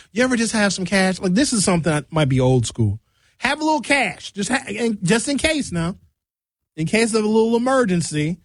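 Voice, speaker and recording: Middle-aged male radio host, comic storyteller, slightly high voice, dry studio sound. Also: no room sound. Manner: loose, bawdy, storytelling with acted-out voices. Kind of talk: comedic monologue.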